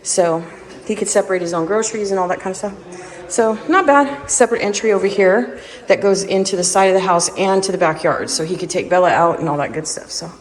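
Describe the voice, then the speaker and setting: A woman chats her way through a walk-through of an empty house, her voice sitting at an ordinary middle pitch. She thinks aloud, hedges her guesses, and keeps a relaxed, conversational tone. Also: brisk. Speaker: vlogger giving a house tour. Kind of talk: casual walk-through narration.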